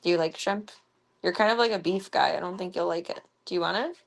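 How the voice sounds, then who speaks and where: Young woman streamer, gravelly, casual pet chatter, calls her pets in a high coaxing voice. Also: fast talker. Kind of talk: casual chat while feeding pets.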